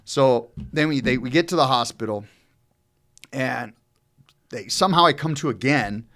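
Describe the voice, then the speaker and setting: A man in middle age chats on a podcast, spinning a long, rambling tale. His talk is loose and profane, and his voice sits at an ordinary middle pitch. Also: lively intonation, normal speed, a bit bright. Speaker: podcast co-host telling a story. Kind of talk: casual storytelling chat.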